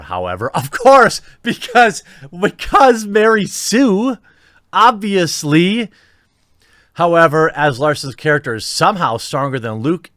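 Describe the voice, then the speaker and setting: A man's voice: medium pitch, fairly bright tone, no room sound, clean studio sound. A man hosting a commentary show, reading out reports and reacting with sarcastic disbelief. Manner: sarcastic, incredulous, reads out reports then riffs. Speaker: commentary channel host. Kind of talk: opinionated commentary monologue.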